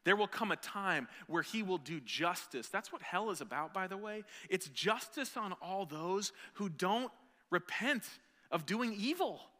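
A male pastor preaching with a bright, forceful, fairly high voice that swings from hushed to loud. He is lively, cracks asides and acts out scenes. His voice rings with a long reverb in a church sanctuary. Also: a little slow. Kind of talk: sermon.

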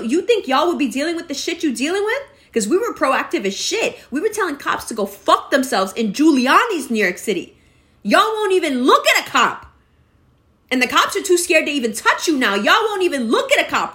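A woman's voice: high voice, a bit bright. A woman in her forties delivering a profane, exasperated rant that scolds her listeners. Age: 40s. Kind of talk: ranting monologue.

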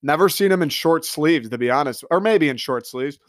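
A man delivering an excitable, profane comedic rant monologue, riffing with mock quotes. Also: on the high side, moderate pace, no echo, clean studio sound. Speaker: comedic commentator.

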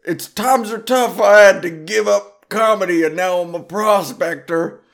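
A man voicing Old Algus, a grizzled old part-robot prospector from the future, in a slow, drawling comic bit. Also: sits high, gravelly. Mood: gloomy drawl. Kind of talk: comic bit in a podcast intro.

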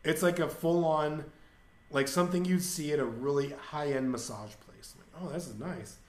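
A man's voice: a little high, fairly even intonation, moderate pace. Man telling a rambling story in an echoey room. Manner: candid, rambling anecdote with crude humor and acted quotes. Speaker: podcast host. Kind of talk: casual storytelling monologue.

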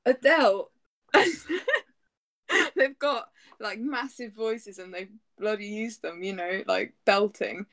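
A woman's voice: medium pitch, takes it slowly, a bit bright. A woman in casual chat about music, chatty and laughing often, often restarting her sentences.

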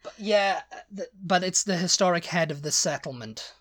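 A man's voice: high voice, normal speed, a bit bright. A man with a British accent, chatting casually as a podcast co-host, rambling and often correcting himself. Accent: British English. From Britain. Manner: rambling, hesitant, self-correcting. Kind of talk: casual chat.

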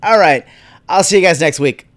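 A man's voice: fairly high pitch, normal speed, a bit bright. A man hosting a solo wrestling recap podcast, talking casually with sarcastic, profane rants. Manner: sarcastic, profane, ranting asides. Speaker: podcast host.

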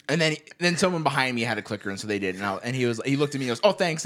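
Young man, podcast co-host, animated storyteller, swears a lot, wide-ranging pitch, casual chat. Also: rapid-fire, hardly any pauses, a little hiss or hum. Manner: animated storytelling, swearing, acting out his own rants.

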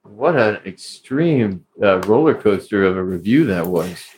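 A man with a fairly low voice co-hosting a casual podcast. He answers his partner with dry, deadpan one-liners and plays along with the running jokes. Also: a little slow, slightly rough. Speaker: podcast co-host.

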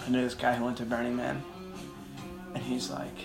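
A man's voice: mid-range voice, little pitch movement, fairly quick, creaky, reverberant, over music. A young man chatting casually at home, upbeat and easygoing. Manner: easygoing, upbeat, says dude and like a lot. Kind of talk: casual chat. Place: a house.

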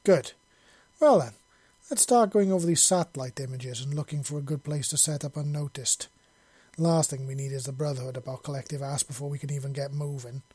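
A man's voice: fairly high pitch, brisk, warm tone, husky, dry recording. A man voicing a stern female military commander who gives clipped, commanding orders.

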